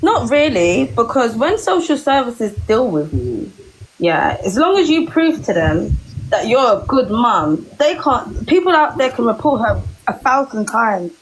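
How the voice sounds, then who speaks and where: A woman's voice: fairly high pitch, very animated, unhurried, slight background noise, low-quality recording. A woman explaining her view earnestly in a casual group chat.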